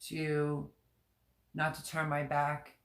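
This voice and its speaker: A woman's voice: low voice, monotone, takes it slowly. A middle-aged woman hosting a casual livestream chat from home, talking in a candid, emotional and rambling way and repeating herself. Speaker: livestream host. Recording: echoey room.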